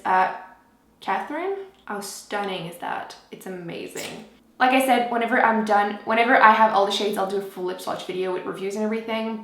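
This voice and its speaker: A woman's voice: medium pitch, echoey room. A young woman chatting enthusiastically through a makeup review, with lots of fillers and asides. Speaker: beauty vlogger. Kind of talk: casual product review.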